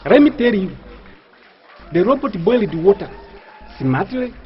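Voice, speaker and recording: A man's voice: high voice, big pitch swings, unhurried. A man doing a stand-up comedy routine, with a mock-pompous manner and grand words, over audience laughter. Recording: dull lo-fi live recording.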